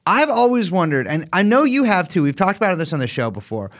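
Male podcast co-host, slightly high voice, lively pitch, dry ironic jokes. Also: quick pace. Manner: deadpan ironic joking. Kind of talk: casual comedic chat.

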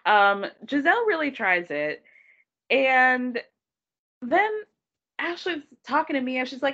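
A woman co-hosts a podcast, recapping a reality show in casual conversation. Her medium-pitched voice moves at a moderate pace over dull audio, and she's animated, laughing often and quoting people in put-on voices.

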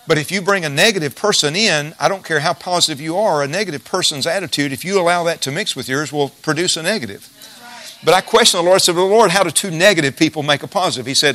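A man's voice: on the high side, pushed and bright. A middle-aged male pastor preaching a sermon in a folksy, emphatic way, repeating key phrases.

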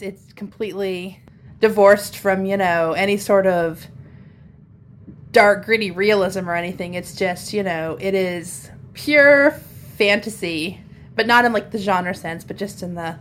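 A woman's voice: mid-range voice, fairly bright tone. A woman author guest on a podcast, chatting casually, rambling and searching for words. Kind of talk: casual chat.

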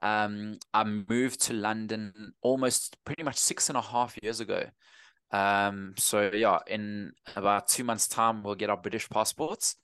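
In a relaxed interview, a man in his thirties with a South African accent, a running coach, rambles in an easygoing way, frequently restarting what he's saying. His fairly low voice is clear and resonant, with a level, fairly bright tone and an unhurried pace. The audio has no echo.

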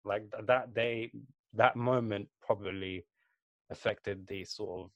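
A man's voice: fairly low pitch, steady tone, a little slow, a bit bright, no echo. A young man from England in casual chat, telling a story in a rambling way with many fillers.

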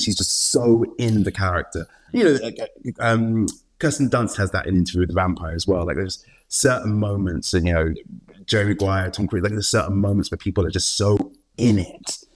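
A man, an actor guest, chatting casually and animatedly, laughing often and acting out quotes. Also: fairly low pitch. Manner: animated, laughing, full of restarts and acted-out quotes. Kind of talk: casual interview chat.

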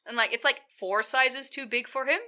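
A woman's voice: sits high, moderate pace, pushed and bright. A woman recapping a film in casual chat, swearing freely and acting out the characters' lines. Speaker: podcast co-host recapping a film.

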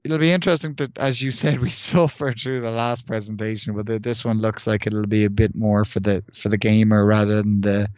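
A man's voice: fairly low pitch, level tone, brisk, hardly any pauses, a little mellow, no room sound, highs cut off. A man co-hosting a gaming podcast, chatting loosely with many restarts and reading out news items. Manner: rambling, many restarts and fillers. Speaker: podcast co-host.

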